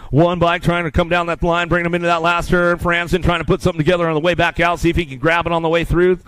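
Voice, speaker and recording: A man's voice: on the high side, monotone, fast, fairly bright tone, smooth, dry recording, faint music behind. A man calling live races as the announcer, rattling off play-by-play and bantering with the crowd. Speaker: race announcer. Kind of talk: live race commentary.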